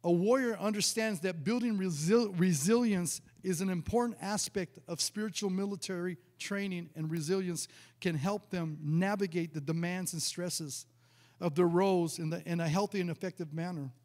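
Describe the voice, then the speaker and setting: A man's voice: high-pitched, moderate pace, a little mellow, long reverb tail. A male pastor preaching a sermon, telling a personal testimony in a storytelling way, often stumbling and repeating words. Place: church sanctuary.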